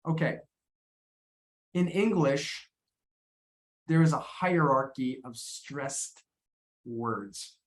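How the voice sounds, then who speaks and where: A man's voice: medium pitch, animated, extremely slow, long pauses. Patient American man teaching online. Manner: patient, encouraging, repeats words as he thinks. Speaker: English teacher. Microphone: video call.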